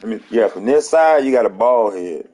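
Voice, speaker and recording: A man doing loud, joking commentary over a video game, trash-talking with whoops and laughs. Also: fairly low pitch, animated, moderate pace. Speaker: gaming streamer. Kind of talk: casual gaming commentary.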